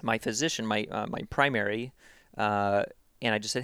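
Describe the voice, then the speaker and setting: A man's voice: on the low side, steady tone, normal speed, fairly bright tone, smooth, dry recording. Self-deprecating man telling stories, dry mic. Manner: frequent tag "right?" and self-deprecating humor; repeats and restarts words while telling stories. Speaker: podcast guest. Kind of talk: casual personal storytelling.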